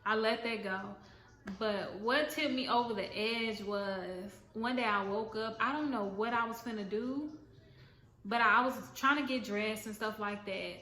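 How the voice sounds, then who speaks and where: A young woman telling a casual storytime, animated and slangy, acting out what people said. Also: a little high, measured pace. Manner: animated, slangy, acts out quotes. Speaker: vlogger. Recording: echoey room, faint background noise.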